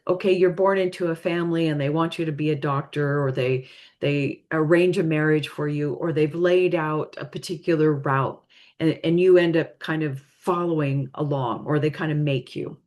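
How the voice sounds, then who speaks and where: A woman's voice: sits low, a little mellow. A woman giving a spiritual reading in a casual, hesitant way, apologizing often, her voice tired and straining. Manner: hesitant, apologetic, halting with many fillers. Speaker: spiritual reader.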